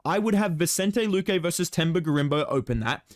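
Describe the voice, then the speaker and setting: A man's voice: a little high, animated, brisk, a crowd in the background. A man co-hosting a casual sports reaction chat, heated and profane as he rants. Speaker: podcast co-host.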